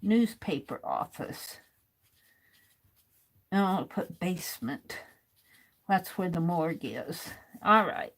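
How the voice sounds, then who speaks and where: A woman's voice: on the low side, expressive, takes it slowly, long pauses, a bit bright. A woman hosting a livestream, reading viewers' comments aloud and chatting casually while she writes. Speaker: livestream host.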